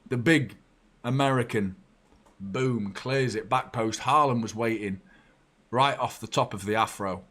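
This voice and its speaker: Male watchalong host, young adult, sweary, swings from shouting to mumbling. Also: a little slow. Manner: excitable and sweary, jumping from shouts to low muttering. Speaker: football fan channel host. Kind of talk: live match watchalong commentary.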